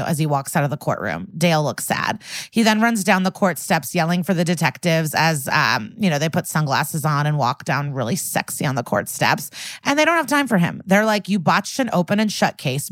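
A woman co-hosting a podcast, casually recapping an episode and acting out the characters' lines with animated swings in voice. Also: low voice, no echo. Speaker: podcast co-host.

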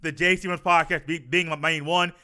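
A man hosting a podcast, talking fast in an animated, goofy monologue. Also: fairly high pitch. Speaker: podcast host.

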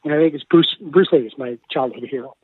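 A man recounts stories from the broadcast booth with excitable energy, laughing and repeating words as he goes. His voice sits on the higher side. The sound is thin and phone-like, with no room around it. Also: fast talker, husky, no room sound. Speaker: hockey broadcaster. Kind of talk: animated storytelling. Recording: tinny phone-like line, dry.

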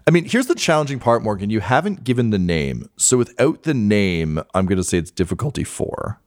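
A man running a tabletop game as game master, explaining difficulties quickly and joking with his players. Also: on the low side, very animated, no room sound.

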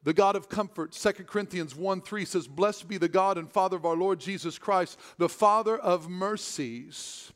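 High-voiced pastor preaching in a reverberant hall. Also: male voice, normal speed, few pauses. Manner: swings from loud excited preaching to hushed tender speech. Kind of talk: sermon. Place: church hall.

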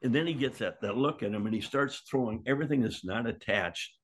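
There's slight background noise as this older ex-wrestler talks fairly quickly in a fairly low pitch. Spinning a lively yarn, he acts out what people said and doesn't hold back on the swearing.

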